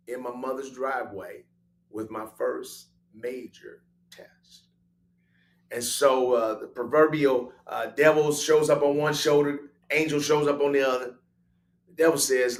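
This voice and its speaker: A man telling a personal story on a live talk stream, his voice rising into loud exclamations and then dropping to hushed asides. His pitch sits in a middle register. The room gives a noticeable echo. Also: moderate pace. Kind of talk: animated storytelling testimony. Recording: roomy echo.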